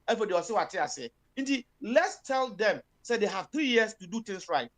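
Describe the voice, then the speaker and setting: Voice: mid-range voice, animated, brisk, a bit bright. A speaker with a Ghanaian accent giving impassioned political commentary, switching between Twi and English with many fillers and emphatic bursts.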